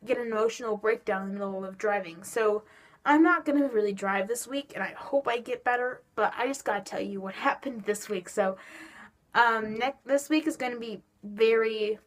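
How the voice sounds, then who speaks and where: Teen girl vlogger, casual animated storytelling, filler-heavy, neck stiff and sore. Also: a little high, normal speed. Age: teens. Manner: animated storytelling, lots of "like" and "just like". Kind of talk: casual chat to camera.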